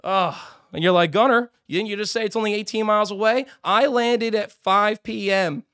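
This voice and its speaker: A young man streaming live, telling a long story in a rambling, excitable way, swearing and acting out other people's lines. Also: high voice, moderate pace, clean tone, no room sound, studio quality.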